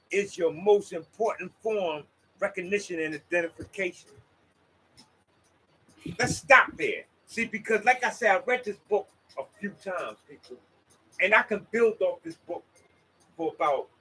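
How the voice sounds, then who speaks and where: A man's voice: high-pitched, bright, forceful tone, husky, low-quality recording. A man hosting a rambling, preachy monologue, swearing and talking to his listeners as y'all. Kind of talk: casual spoken monologue.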